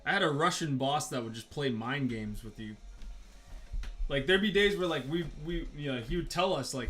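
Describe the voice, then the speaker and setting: An artist vlogger talks casually as he draws, rambling through stories full of fillers and swearing. His voice is fairly high, animated, and fairly bright, at a normal speed.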